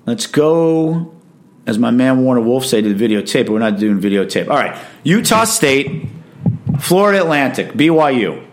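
A man's voice: medium pitch, animated, moderate pace. A man hosting a casual sports talk show, giving emphatic, opinionated commentary in a chatty monologue.

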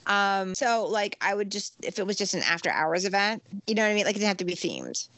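A woman's voice: fast, no room sound. Chatty middle-aged woman telling a story. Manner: animated storyteller, acts out quoted lines in a high voice. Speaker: guest recounting a theme park trip. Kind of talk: casual chat.

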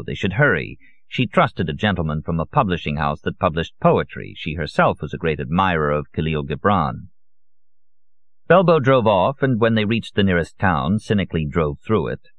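Deep-voiced man narrating a novel. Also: no echo. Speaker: audiobook narrator. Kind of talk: scripted narration. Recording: dull, lo-fi audio.

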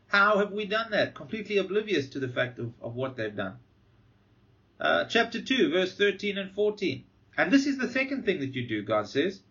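A man preaching a sermon with a lively, swinging delivery in a fairly high voice. He leans hard on the quoted lines of scripture. The sound is dull and lo-fi. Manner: animated, rising emphasis on quoted scripture.

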